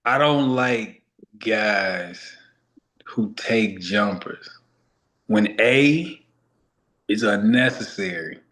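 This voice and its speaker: A man's voice: fairly low pitch, very slow, pauses often, a bit bright. A man co-hosting a casual basketball talk show, loose and conversational, repeating his points for emphasis. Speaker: podcast co-host.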